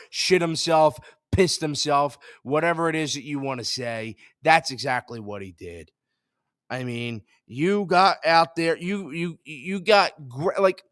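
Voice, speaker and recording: A young man hosting a sports show, ranting in frustration, jumping between loud outbursts and low mutters. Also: dry recording, studio quality.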